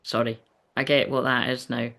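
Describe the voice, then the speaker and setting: On a medium's live stream, a woman with a very deep, slightly bright voice speaks flatly at a moderate pace. She rambles candidly, swearing freely, reading out viewer comments and frequently asking "do you know what I mean."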